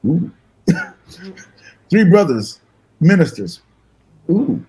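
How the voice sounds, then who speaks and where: Older man, husky voice, slightly high, quick animated storyteller, podcast guest. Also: rough recording. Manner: fast-talking, animated, laughs often, acts out voices in anecdotes. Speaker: musician guest telling a story. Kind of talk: casual storytelling interview.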